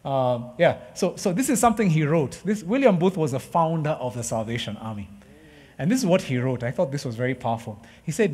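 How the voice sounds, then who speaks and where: A man's voice: on the high side, lively intonation, fast, darkish tone, breathy edge, in a large hall. A man preaching a passionate, emphatic sermon to his congregation, often calling them "guys". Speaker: pastor. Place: church hall.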